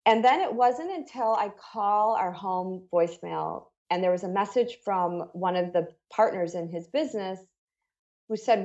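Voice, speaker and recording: A woman's voice: mid-range voice, expressive, moderate pace, a little mellow, highs cut off. A middle-aged woman telling a personal story as an interview guest, talking earnestly and conversationally with lots of "you know" and "like.".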